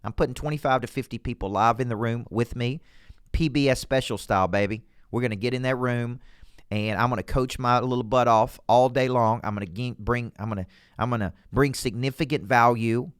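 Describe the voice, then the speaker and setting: Energetic Southern man coaching sales. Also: medium pitch, brisk, smooth, dry recording, clean studio sound. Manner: energetic, folksy, punchy salesman delivery with frequent "folks". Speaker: business coach hosting a show. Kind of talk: motivational talk to camera. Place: studio.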